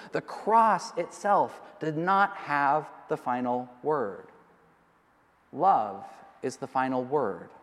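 A man preaching a sermon in a measured way, slowing down to repeat key phrases for emphasis. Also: on the high side. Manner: measured, with slow emphatic repetitions. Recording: long reverb of a large hall.

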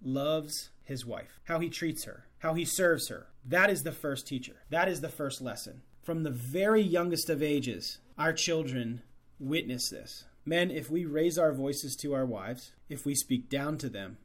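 A man's voice: fairly high pitch, unhurried. A man hosting a Catholic show, reflecting earnestly on scripture and urging fathers with rhetorical questions.

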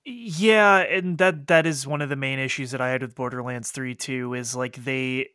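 A man chatting casually about video games. He talks quickly, with lots of fillers and restarts. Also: mid-range voice, fairly even intonation, sharp tone, no room sound, studio quality. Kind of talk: casual chat.

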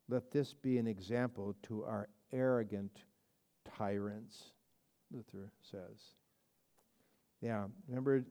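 A man's voice: medium pitch, dark tone. A man teaching a Bible study as a pastor, in a chatty, emphatic way with frequent restarts and asides. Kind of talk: conversational Bible study lecture.

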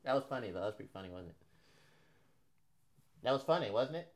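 A man's voice: medium pitch, lively intonation, fast talker. A man co-hosting a casual sports talk show, teasing and laughing often. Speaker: podcast co-host.

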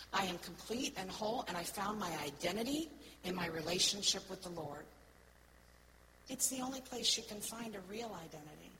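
A woman giving an earnest sermon-style talk to a congregation, often checking in with "right?" and swinging between soft, slow words and loud, stressed ones. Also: fairly low pitch, noisy background. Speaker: church speaker.

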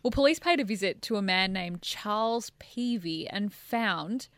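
A woman's voice: medium pitch, animated, a little slow, a bit bright, no room sound. A woman co-hosting a casual chat, reading a story aloud from notes and laughing along. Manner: reads from notes, breaks into laughter. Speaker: podcast co-host reading a true story.

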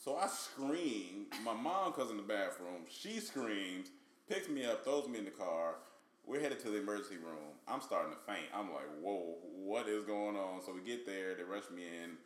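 A young man from North Carolina, a comedian guest telling jokey, animated stories in a casual interview, acting out the voices of the people in them. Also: fairly low pitch, normal speed, echoey room. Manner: jokey, acts out voices in his stories, lively.

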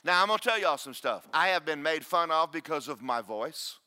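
Loud, lively preacher man. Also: brisk, clean tone. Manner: loud, booming preacher with self-deprecating humor. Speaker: pastor. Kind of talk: sermon. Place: church.

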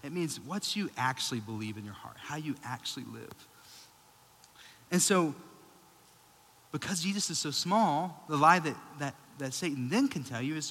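A man's voice: on the high side, lively intonation, moderate pace, a bit bright, a little hiss or hum. A young man preaching a sermon, conversational and joking, building to emphatic peaks. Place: church hall. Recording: long hall reverb.

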